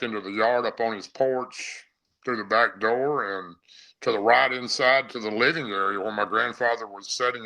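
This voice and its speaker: A man's voice: mid-range voice, pushed and bright, poor audio. A middle-aged man, a guest on a podcast, telling a vivid first-person story in a rambling, casual way.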